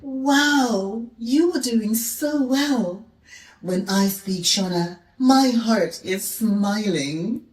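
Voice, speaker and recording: A woman narrating a children's lesson in a soft, encouraging way, sometimes dropping to a whisper. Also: mid-range voice. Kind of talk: gentle storytelling narration for toddlers. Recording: echoey, distant mic with faint noise.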